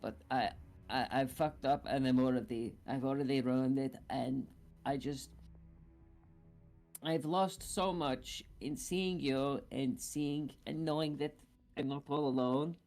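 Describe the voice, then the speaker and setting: Male player as young female adventurer, emotional, halting, slow delivery. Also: mid-range voice, steady tone, darkish tone, faint music behind, close to an everyday voice. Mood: tearful pleading. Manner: halting, stammering, apologetic. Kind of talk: roleplaying a tabletop game character.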